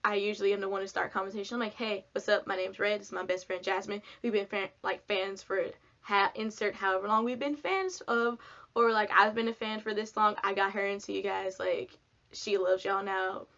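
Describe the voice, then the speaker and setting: A young woman from Texas, telling a casual storytime to camera in a chatty, animated way, acting out what people said. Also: medium pitch, a little fast. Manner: chatty, animated, lots of "like", acts out quotes. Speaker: vlogger. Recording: dull lo-fi sound.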